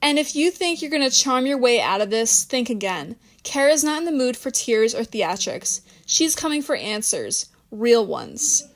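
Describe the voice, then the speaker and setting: A woman voicing an angry young woman who scolds in a sharp, cutting, scornful way. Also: a little high, sing-song, normal speed, hardly any pauses.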